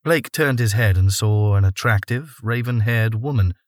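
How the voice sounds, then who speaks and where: Low-voiced man reading an audiobook. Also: normal speed, no echo, studio quality. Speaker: audiobook narrator. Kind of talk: scripted audiobook narration.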